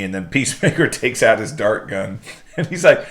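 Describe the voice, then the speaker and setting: A man's voice: mid-range voice, sing-song, a little fast, fairly bright tone. A man co-hosting a podcast, chatting casually and retelling scenes with quoted lines acted out. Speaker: podcast co-host. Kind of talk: casual chat.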